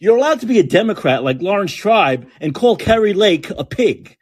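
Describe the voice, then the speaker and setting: A male podcast host rants angrily and sarcastically about politics, cursing frequently. His voice sits high with a breathy edge and big pitch swings, moving at a moderate pace with few pauses.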